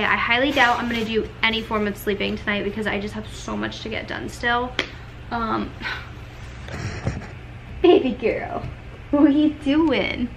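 A young woman talks casually to her camera at home, chatty and a touch breathless. Her voice sits a little high. Faint background noise runs under the recording. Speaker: vlogger. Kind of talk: casual vlog talk to camera. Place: at home indoors.

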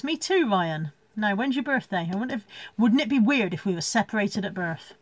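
A woman's voice: mid-range voice, lively intonation, normal speed, no echo. A woman chatting casually from home on a live stream, rambling, laughing often and reading out viewer comments. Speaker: reseller hosting a live stream.

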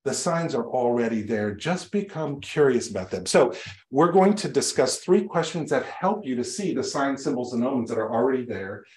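A man's voice: medium pitch, animated, moderate pace. A male reverend giving a sermon to his congregation, telling stories in a conversational way with light humor. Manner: warm conversational storytelling to a congregation, light self-deprecating humor. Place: church sanctuary.

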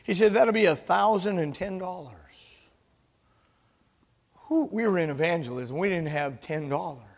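Animated preacher man in a reverberant hall. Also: sits high, moderate pace, long pauses. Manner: animated storyteller, acting out dialogue. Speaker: pastor. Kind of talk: sermon with personal story. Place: church sanctuary.

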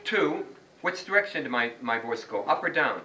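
In a classroom lesson, a man with a mid-range, expressive voice teaches students to read chant notes, quizzing them by name and singing short examples. He speaks at a normal speed in a bright, forceful tone. The mic is distant and there is faint background noise.

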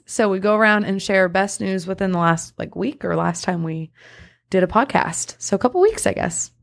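A woman's voice: mid-range voice, animated, moderate pace, vocal fry. A woman co-hosting a podcast as a veterinarian, upbeat and chatty, laughing often. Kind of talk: casual chat.

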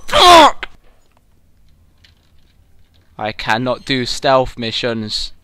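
A young man commenting on his own gameplay, excitable and swearing loudly whenever things go wrong. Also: mid-range voice, a little slow, no room sound. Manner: excitable, yelling and swearing at the game. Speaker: gamer. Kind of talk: let's play commentary.

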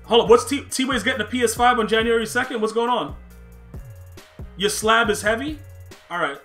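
A man's voice: extremely high pitch, moderate pace, sharp tone, soft background music. A young man live-streaming a football video game, reacting to chat and play, often repeating himself. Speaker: gaming streamer.

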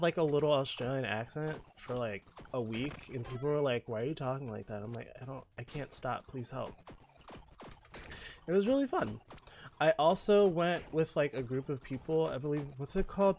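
A man streaming a game, chatting and telling rambling stories in a playful, campy way. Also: fairly high pitch. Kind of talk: casual game-stream chat.

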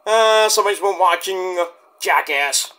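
Guy reviewing wrestling, talks high and bright, swears a lot and jokes around. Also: unhurried. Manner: rambling, swearing, jokey asides. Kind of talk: casual spoken review.

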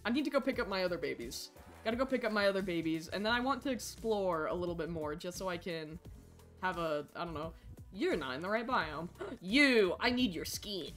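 A woman streaming a survival game live, chatting with viewers and yelling at the game, swinging from low mumbles to shrieks. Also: animated, a little fast, soft background music.

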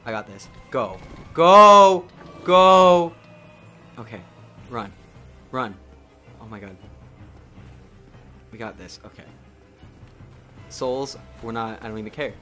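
A man doing gameplay commentary, getting excited, cursing and muttering to himself as he plays. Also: on the low side. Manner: excitable, swears a lot, mutters to himself, yells at the game. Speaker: let's play gamer.

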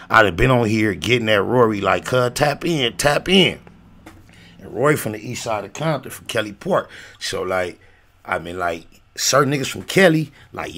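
A man's voice: medium pitch, gravelly, a bit bright. An older man hosting a casual livestream, telling rambling, slang-heavy stories with lots of fillers. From Los Angeles area, USA. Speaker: host.

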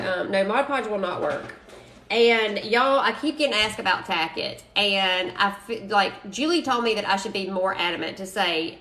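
A woman's voice: mid-range voice, a bit bright, roomy sound. A woman with a Southern US accent hosting a casual craft live stream, chatty and greeting viewers, saying y'all often.

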